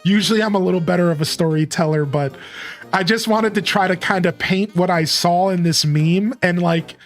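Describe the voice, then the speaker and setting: Chatty streamer telling a story, middle voice, soft music in the back. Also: medium pitch, moderate pace. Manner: chatty, loose, greets chat by name. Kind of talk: casual live-stream chat and storytelling.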